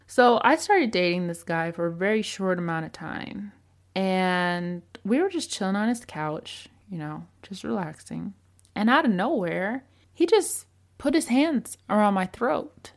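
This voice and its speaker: Woman, young adult, podcast host, casual advice, animated storytelling. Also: mid-range voice, vocal fry. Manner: animated storytelling, acting out quoted lines.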